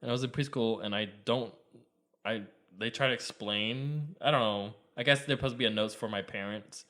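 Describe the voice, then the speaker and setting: Brief: young adult male co-host, mid-pitched, jokey and self-mocking, frequent laughs. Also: brisk, a bit bright. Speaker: podcast co-host. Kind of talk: casual chat.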